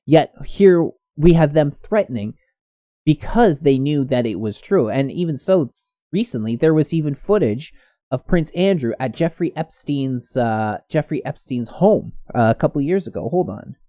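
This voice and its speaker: A man's voice: fairly high pitch, expressive, moderate pace, mellow, no echo, clean studio sound. A man giving casual commentary on a news story, rambling with many restarts. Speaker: commentary host.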